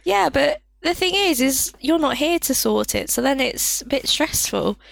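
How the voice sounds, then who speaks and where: Woman guest, high voice with gravelly fry, giggly and apologetic, dry sound. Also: expressive, moderate pace, a bit bright, dry recording. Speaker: guest partner. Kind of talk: casual chat.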